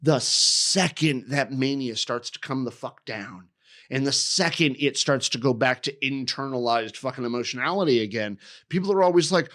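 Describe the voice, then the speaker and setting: A man's voice: medium pitch, normal speed, a bit bright. A man co-hosting a podcast, talking bluntly and emphatically with constant swearing. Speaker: podcast co-host. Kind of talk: casual chat.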